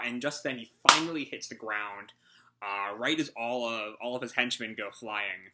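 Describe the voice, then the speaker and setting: A man's voice: mid-range voice, moderate pace, bright, forceful tone. A man hosting a casual live reaction, out of breath and rambling through a hesitant recap. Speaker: manga reaction host.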